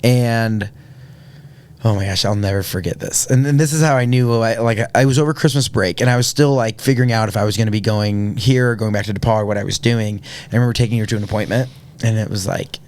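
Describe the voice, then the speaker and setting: A young man speaks in a somewhat low voice. He tells his story earnestly, with lots of fillers and restarts. It sounds like a relaxed podcast conversation. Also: fast talker. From Indiana, USA. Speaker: podcast guest. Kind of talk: casual storytelling.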